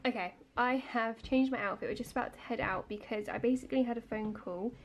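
A woman's voice: on the high side, a little fast, slight background noise. A young woman in her twenties chatting casually to camera in a vlog, giggly and full of fillers. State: a little out of breath. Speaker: vlogger. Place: home, indoors.

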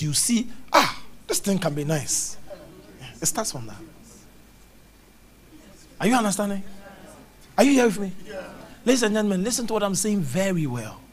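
A man preaching a charismatic sermon, animated, acting out little scenes with mimicked voices and sounds. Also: high-pitched, moderate pace, long pauses. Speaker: prophet preaching.

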